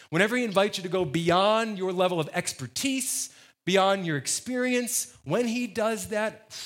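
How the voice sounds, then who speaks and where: A man's voice: high voice, fairly bright tone. A man preaching a sermon as the church's pastor, emphatic and conversational, repeating phrases for stress.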